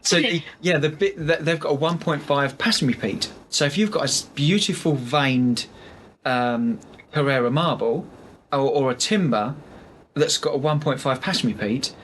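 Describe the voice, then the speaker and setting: A man's voice: a little high, moderate pace, fairly bright tone, a little hiss or hum. A man, a guest on a design podcast, telling long stories with fillers and restarts. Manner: chatty storyteller, many fillers and restarts. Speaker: sales rep for architectural film, podcast guest. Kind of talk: casual podcast interview.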